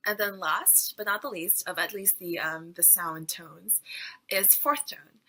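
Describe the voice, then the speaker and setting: Bright, chatty woman teaching tones. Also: on the low side, unhurried, poor audio. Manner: chatty, lots of fillers, demonstrates tones aloud. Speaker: Mandarin teacher. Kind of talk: casual video lesson.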